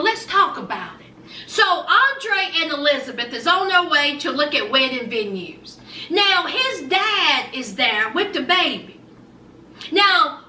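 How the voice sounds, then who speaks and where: A woman's voice: extremely high pitch, bright, forceful tone, echoey room, recorded from a distance, a little hiss or hum. A woman giving a chatty, sassy recap of a reality show, talking straight to her viewers. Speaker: recap vlogger.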